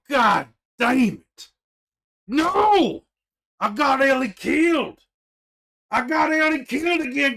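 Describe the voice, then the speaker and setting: A man's voice: mid-range voice, a bit bright. A man playing a grizzled, hot-tempered survivor while commenting in character on his game, swearing a lot and scolding himself. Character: grizzled middle-aged male survivor, protective and hot-tempered.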